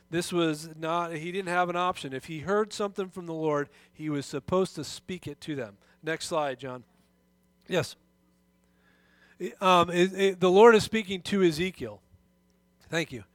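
A man's voice: sits high, fairly bright tone, no echo. A middle-aged man preaching a sermon as pastor, often restarting his sentences and reading scripture with rising emphasis.

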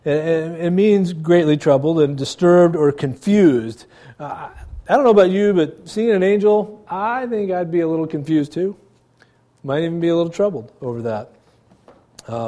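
A man preaching to a congregation in a church, his voice sitting a little higher than most men's. He talks in a loose, conversational way, asking rhetorical questions and tossing in asides as he goes. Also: warm tone. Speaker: pastor. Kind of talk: sermon.

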